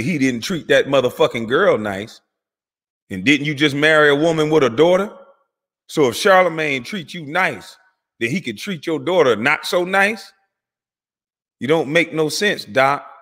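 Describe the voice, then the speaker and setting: A man's voice: animated, a bit bright, long reverb tail. A man delivering an angry, profane commentary rant as host of his channel. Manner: heated, profane, rapid swings in pitch and volume.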